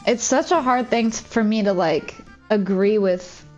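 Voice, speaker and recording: A woman's voice: medium pitch, measured pace, darkish tone, highs cut off, soft background music. A woman streaming from home, chatting casually and confidingly, with lots of "like" as she rambles. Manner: rambling, heavy use of "like", open and confiding. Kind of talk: casual chat while streaming a game.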